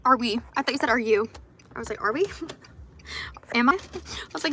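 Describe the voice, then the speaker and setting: A woman's voice: fairly high pitch, fairly quick, pauses often, rough recording. A young woman livestreaming casually from her car, swearing and muttering at other drivers as she looks for parking. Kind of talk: casual live stream chat while driving. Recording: loud car noise behind voice. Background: car and road noise.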